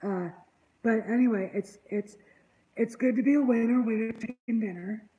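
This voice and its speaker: A woman's voice: on the high side, moderate pace, warm tone, muffled recording. Exasperated woman hosting a chat. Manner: exasperated, rambling commentary. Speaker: online channel host. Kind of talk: casual panel chat.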